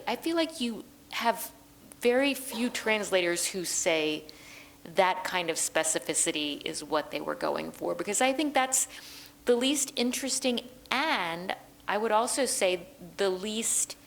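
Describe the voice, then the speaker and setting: A woman translator and librettist talking through her craft in a relaxed interview, thoughtful and chatty, often pausing with ums. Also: mid-range voice, slight background noise, poor audio. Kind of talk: conversational interview.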